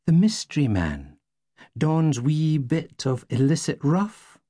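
A man's voice: on the high side, sing-song, slow pace, warm tone, no room sound, studio quality, voice pushed up, heavily acted. A man voicing a cheeky, unflappable young woman, teasing and amused, in an audiobook.

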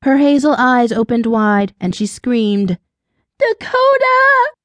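A woman's voice: a little high, measured pace, dry recording. Woman reading an audiobook, dry and close. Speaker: audiobook narrator. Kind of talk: scripted audiobook narration.

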